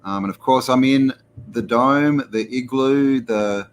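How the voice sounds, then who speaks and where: A man's voice: mid-range voice, measured pace, a little hiss or hum. An Australian man hosting a casual live stream. He rambles, chuckles and greets viewers by name. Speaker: host.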